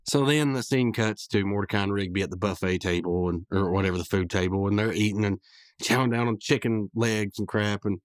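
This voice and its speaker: A man's voice: fairly low pitch, fairly even intonation, brisk, no room sound, clean studio sound. A man hosting a casual podcast, rambling through a cartoon episode recap with frequent chuckles and fillers.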